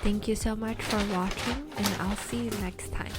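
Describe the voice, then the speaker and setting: A woman calmly narrating her home vlog in a scripted, encouraging voice-over. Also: mid-range voice, normal speed, over music. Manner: calm, encouraging. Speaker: home vlogger.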